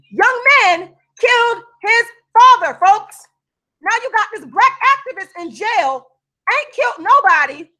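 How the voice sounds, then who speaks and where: A woman giving heated, impassioned commentary on a video call, swearing and raising her voice, then pausing to apologize for yelling. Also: high voice. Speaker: vlogger.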